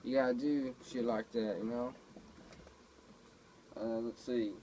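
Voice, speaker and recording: A laid-back man rambles to his camera at home, trading everyday stories peppered with fillers and swearing. His voice sits at a middling pitch, with a faint hum underneath. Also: steady tone, slow, warm tone, poor audio. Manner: laid-back, profane, storytelling with many fillers. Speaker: vlogger. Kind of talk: casual rambling monologue. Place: home, indoors.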